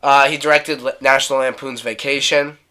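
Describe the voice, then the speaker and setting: A man's voice: medium pitch, level tone, a little fast, sharp tone. A man co-hosting a casual film review podcast, laid-back and questioning. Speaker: podcast co-host.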